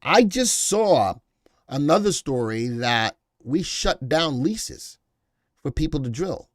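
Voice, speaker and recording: A man's voice: a little high, big pitch swings, slow pace, no echo, clean studio sound. A middle-aged man hosting a live stock market stream. He reads headlines aloud, answers viewers in chat, and pushes his voice up hard when he makes a point.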